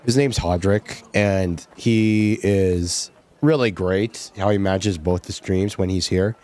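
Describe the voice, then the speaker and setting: Laid-back young male streamer, lowish voice, jokey and chatty over gameplay. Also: fairly even intonation, slow, darkish tone. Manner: joking, laughs often, says like a lot. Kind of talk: casual gameplay commentary.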